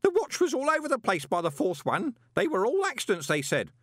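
Using an exaggerated voice pitched above his own, a man plays a fussy older male postal worker who babbles and quavers. The fairly high, slightly bright delivery swoops wildly in pitch at normal speed, recorded with studio quality and no echo.

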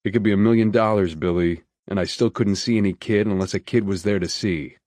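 A man voicing a gruff, skeptical male freight worker who talks bluntly and dismissively. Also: fairly low pitch, a little fast, darkish tone, no room sound, natural voice. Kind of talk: audiobook character voice.

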